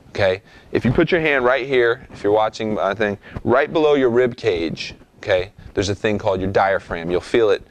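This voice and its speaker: A young man giving a casual lesson on breath and voice for rapping, often checking in with "okay?" and demonstrating sounds. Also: mid-range voice. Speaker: rap vocal instructor. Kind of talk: instructional talk.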